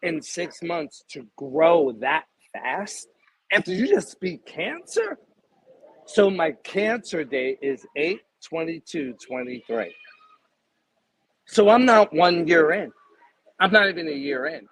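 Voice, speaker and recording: A man in his fifties, a guest in a casual interview, talking in an emphatic, salesy pitching way. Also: animated, takes it slowly, a bit bright, slight background noise, poor audio. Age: 50s.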